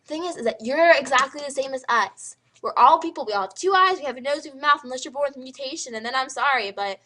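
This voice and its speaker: Teenage girl, high voice, bright tone, ranting vlog, emphatic, lots of fillers. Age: teens. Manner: animated, emphatic, full of "like" fillers. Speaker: high school student vlogger.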